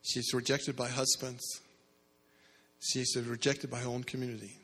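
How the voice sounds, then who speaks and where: A man's voice: medium pitch, level tone, measured pace, fairly bright tone. A male preacher giving a sermon, asking the congregation questions and building in bursts, heard in a church hall. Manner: asks the crowd "how many" questions, builds in bursts. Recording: echoey hall.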